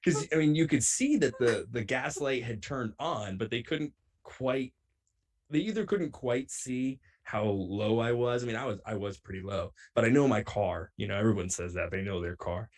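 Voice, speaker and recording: With a mid-range voice at a moderate pace, a man who wrestles professionally shares prank stories as a podcast guest. He keeps it casual, animated and playful, acting out the quotes.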